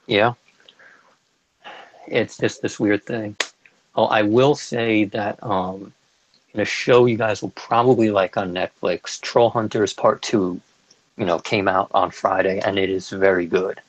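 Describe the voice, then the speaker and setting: A man's voice: lowish voice, fairly even intonation, unhurried, lo-fi sound. A young man co-hosting a podcast in casual chat, enthusiastic and chatty, stumbling through restarts. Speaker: podcast co-host.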